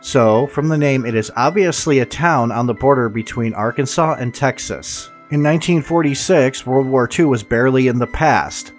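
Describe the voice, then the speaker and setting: A man's voice: mid-range voice, normal speed, few pauses, faint music behind. A man narrating an unsolved murder case in a scripted way, with sarcastic, profane asides. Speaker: true crime narrator.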